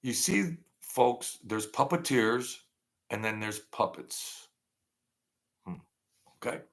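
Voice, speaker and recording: A man's voice: medium pitch, lively intonation, slow, a bit bright. A man hosting a casual livestream, rambling and thanking viewers by name as he reads their comments. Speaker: channel host.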